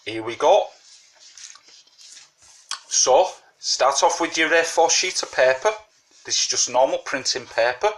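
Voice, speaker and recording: A man's voice: medium pitch, animated, a little slow, pauses often, a bit bright. A man hosting a casual origami tutorial, chatting through each fold with lots of fillers while sucking a mint. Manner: chatty, repeats "you know what I mean", many fillers. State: talking with a mint in his mouth. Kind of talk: casual step-by-step craft tutorial.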